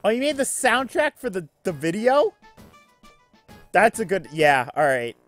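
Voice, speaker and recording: Animated chatty man commenting on a game. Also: high voice, a little slow, soft background music. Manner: animated, chatty, reacts to chat. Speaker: let's play host. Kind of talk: casual gameplay commentary.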